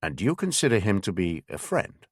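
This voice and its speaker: A man voicing a slow, proper old spymaster. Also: deep voice, very animated, breathy edge, dry recording, studio quality, heavily acted. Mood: grave. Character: senior male spymaster, older, measured, formal.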